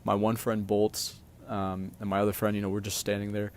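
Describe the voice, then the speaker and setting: A young man with a fairly low voice tells personal stories straight to his audience. He rambles loosely, full of filler words and casual swearing. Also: monotone, a little fast. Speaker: vlogger. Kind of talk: casual storytime monologue.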